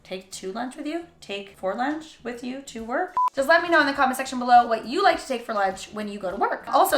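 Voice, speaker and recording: A woman's voice: a little high, fairly bright tone. A woman chatting casually while cooking, joking and thinking aloud as she goes. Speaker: vegan cooking vlogger. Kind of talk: casual cooking vlog chat. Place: home kitchen. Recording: echoey kitchen, faint noise.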